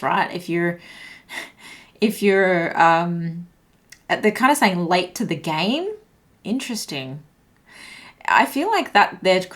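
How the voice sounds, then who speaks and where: A woman doing an intuitive tarot reading, slightly breathless with a shaky voice, musing and searching for words as she turns the cards. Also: mid-range voice. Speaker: tarot reader.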